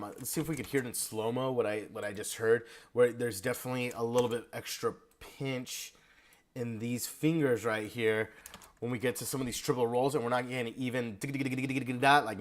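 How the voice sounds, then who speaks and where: A man's voice: mid-range voice, steady tone, a little fast. A man giving casual feedback in an online percussion lesson, now and then singing the rhythms on syllables. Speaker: percussion instructor.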